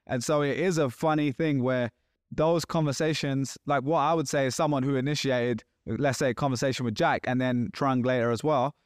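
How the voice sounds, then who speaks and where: A man's voice: medium pitch, steady tone, normal speed, clean tone, dry recording, studio quality. A man co-hosting a podcast in casual chat, talking animatedly and acting out quoted exchanges. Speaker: podcast co-host.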